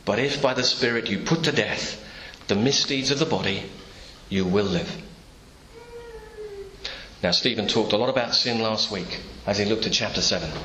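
A man's voice: lowish voice, moderate pace, sharp tone, slight background noise. A man preaching a sermon in a church, telling the story through imagined dialogue. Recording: echoey church room, faint ambience.

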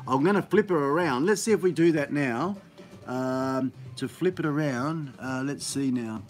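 A man's voice: mid-range voice, moderate pace, soft background music. A man hosts a casual live stream, rambling in an upbeat, chatty way with many fillers, recorded on a phone on a gimbal.

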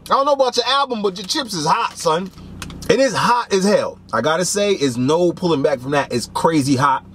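A young man hosting a casual snack taste-test vlog, animated and joking, with lots of slang. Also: high-pitched, fairly quick, a little hiss or hum. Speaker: snack reviewer.

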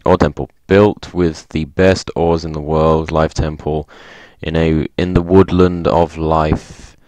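Low-voiced excitable gaming man. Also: takes it slowly, no echo. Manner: excitable, reads in-game signs aloud, laughs often. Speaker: gaming video host. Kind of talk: casual gameplay commentary.

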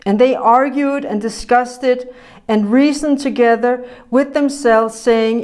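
A woman preaching a sermon in a lively, conversational way, acting out quotes and laughing often. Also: a little high, measured pace.

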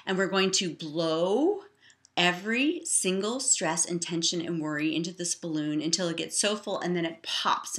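A woman teaching a guided laughter exercise, cheery and encouraging, breaking into loud laughs and cheers. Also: low voice.

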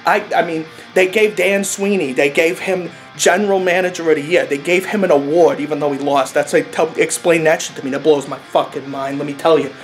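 A man's voice: a little high, steady tone, fairly quick, few pauses, close to an everyday voice. A man playing an angry bandwagon sports fan from Boston, ranting in a profane, repetitive comedy monologue with a Boston accent, over faint guitar music. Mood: fired up. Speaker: comedic character.

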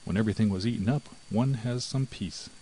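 A man voicing a greedy, sly female house cat in a storybook reading, with a cool, smooth manner. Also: lowish voice, a little fast, warm tone, a little hiss or hum, natural voice, low-quality recording.

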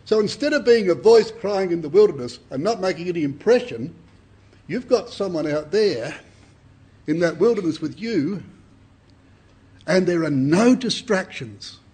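A man's voice: high-pitched, expressive, normal speed, dark tone, husky. An older man, giving an earnest, emphatic Bible sermon to a congregation and often repeating his words. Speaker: Bible speaker.

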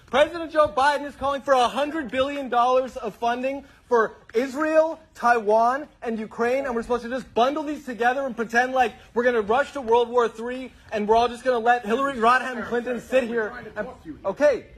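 A man's voice: very high voice, steady tone, a little fast, breathy edge. A man heckling from the audience at a live event, insistent and combative, stammering as he pushes his points. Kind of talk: shouted protest at a live event.

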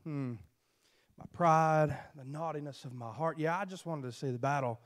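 A preacher voicing a young shepherd boy who answers quietly and offhandedly. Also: fairly high pitch, normal speed, voice pushed down, lightly acted. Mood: nonchalant.

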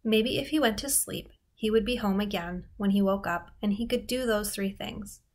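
Woman reader, mid pitch, expressive steady narration of a novel. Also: normal speed. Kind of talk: reading a novel aloud.

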